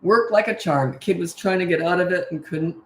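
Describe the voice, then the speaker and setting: A middle-aged woman who coaches parents, answering viewer questions in a breezy, matter-of-fact way and acting out parent lines in a bright sing-song. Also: fairly low pitch, fairly quick. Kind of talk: casual Q&A livestream. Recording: echoey room.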